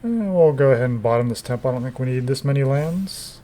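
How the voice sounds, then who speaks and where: Man, mid-pitched voice, relaxed game commentator with dry, wry asides. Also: quick pace. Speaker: gameplay commentator. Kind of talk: casual gameplay commentary.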